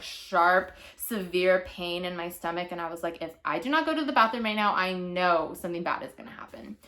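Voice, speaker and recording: A woman in her twenties telling a personal story to her viewers in a chatty, animated way. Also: fairly high pitch. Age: 20s. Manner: chatty, animated, lots of "like" and "you know". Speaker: vlogger. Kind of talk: casual storytime monologue.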